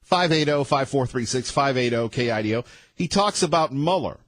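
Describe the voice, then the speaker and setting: A man hosting a morning talk radio show, delivering rapid-fire sarcastic opinions. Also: mid-range voice, lively intonation, no echo. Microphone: studio microphone.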